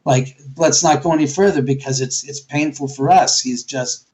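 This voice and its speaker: A man being interviewed as a guest author, telling stories casually and acting out quotes with sudden jumps in his voice, speaking over a video call. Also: moderate pace. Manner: animated, acts out quotes with jumps in pitch.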